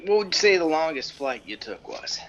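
A man's voice: fairly high pitch, very animated, a little fast, highs cut off, a crowd in the background. A man co-hosting a comedy food podcast, playfully posing as a pompous expert. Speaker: podcast co-host. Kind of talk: comedic casual chat.

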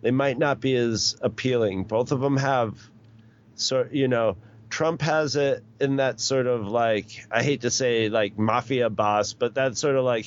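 A man's voice: medium pitch, a little slow. A middle-aged man in casual chat, rambling along with many restarts and chuckles. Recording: dull lo-fi recording.

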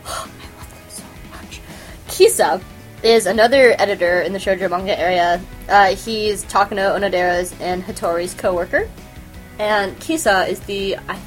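A woman hosting a podcast, chatting casually and excitedly about anime, giggling and gushing as she talks. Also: medium pitch. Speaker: podcast host. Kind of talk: casual anime review chat.

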